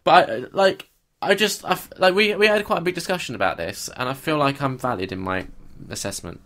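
In casual chat as a podcast co-host, a young man complains with animation and swears freely. He speaks briskly in a sharp, high-leaning voice.

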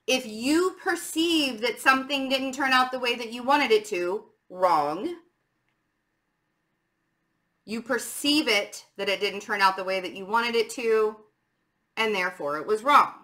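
A woman's voice: a little high, moderate pace, bright, forceful tone. A young adult woman giving a casual tarot reading to camera, chatty, frank and emphatic. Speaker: tarot reader.

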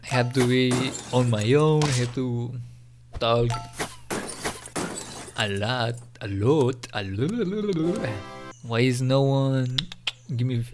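A young man whose first language is Spanish, rambling through a casual monologue in halting English, full of restarts and "you know". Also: mid-range voice, slight background noise. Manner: rambling, repeats fillers like "you know" and "don't worry". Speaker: YouTuber.

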